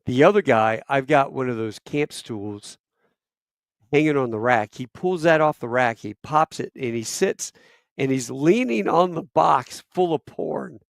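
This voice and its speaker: A man in his fifties, a podcast guest telling a casual story, profane, with loud bursts and quiet asides. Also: mid-range voice, expressive, unhurried, gravelly, no room sound, clean studio sound.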